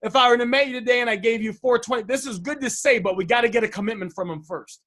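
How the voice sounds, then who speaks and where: A man's voice: very high voice, fast talker, fairly bright tone. A man coaching viewers on sales messages, enthusiastic and repetitive, often addressing them as guys.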